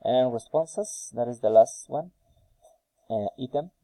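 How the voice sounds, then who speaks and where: A man reading intonation drill sentences aloud slowly and carefully for a phonetics task, with a few hesitant fillers. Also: mid-range voice, dark tone, no room sound, rough recording. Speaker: student recording a phonetics task.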